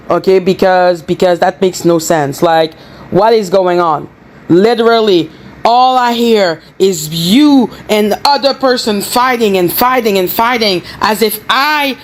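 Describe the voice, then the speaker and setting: A woman's voice: mid-range voice, slight background noise. Furious, cursing woman streamer. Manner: angry, profane, scolding. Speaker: livestream host. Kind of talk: live stream rant to chat.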